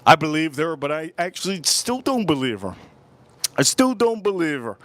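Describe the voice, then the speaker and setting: A man's voice: a little high, sing-song, moderate pace, a bit bright, dry recording. A man hosting a livestream, telling a story in casual chat, rambling and repeating his phrases over and over. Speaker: livestream host.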